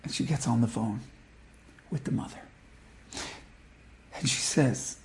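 A man giving a storytelling sermon as a religious teacher, dramatic, dropping to hushed tones and rising to impassioned peaks. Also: medium pitch, a little slow.

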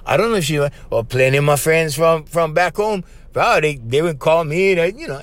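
A man with a Hawaiian Pidgin-tinged accent, hosting a podcast and telling a story in a casual monologue, animated and always saying "bro" and "right?". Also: a little high, moderate pace. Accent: Hawaiian Pidgin-tinged English. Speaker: podcast host.

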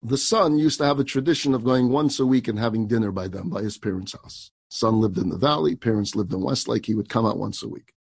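A man's voice: medium pitch, a little fast, gravelly, few pauses, breathy edge. A man, a rabbi, telling a personal story in a sermon, acting out the dialogue and laughing as he goes. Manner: animated storyteller who acts out dialogue, laughs while telling.

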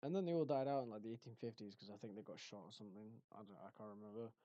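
A young man co-hosting a casual chat, telling stories animatedly and swinging between loud bursts and mumbled asides. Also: on the low side, very fast, no echo, muffled recording.

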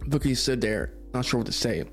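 A man's voice: medium pitch, expressive, fairly quick, soft background music. Laid-back man narrating a story. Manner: laid-back, swearing asides. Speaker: podcast storyteller.

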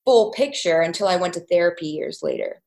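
A woman around thirty, telling her personal story as an interview guest in a candid, reflective way, halting at painful points. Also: on the low side, wildly swooping pitch, vocal fry, darkish tone.

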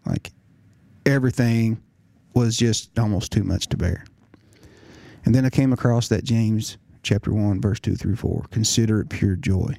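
Gravelly low-voiced man telling his story. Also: unhurried, warm tone, no echo, clean studio sound. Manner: earnest storytelling with repeated restarts. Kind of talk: personal testimony talk.

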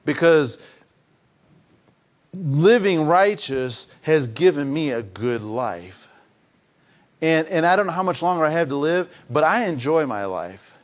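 High-voiced older male preacher. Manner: swings between raised emphatic preaching and soft hushed confiding; repeats and restarts phrases. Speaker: pastor. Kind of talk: sermon.

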